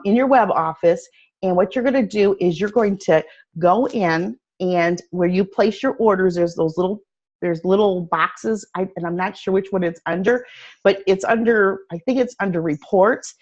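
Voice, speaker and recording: A woman's voice: mid-range voice, moderate pace. Chatty woman, lo-fi recording. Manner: chatty, animated storytelling with many fillers and restarts. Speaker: sales trainer. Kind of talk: casual training talk. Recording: dull lo-fi recording.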